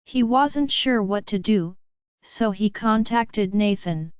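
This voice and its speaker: Woman narrator, scripted storytelling, measured and dramatic, slow, crystal clear, dry slightly dull recording. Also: mid-range voice, dry recording.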